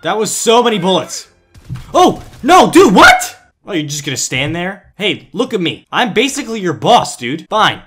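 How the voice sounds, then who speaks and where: A man's voice: high-pitched, moderate pace, few pauses, breathy edge, faint music behind. Goofy young man doing game commentary. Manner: goofy, punning, jumps to excited yelps. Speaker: gaming YouTuber. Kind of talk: joking gameplay commentary.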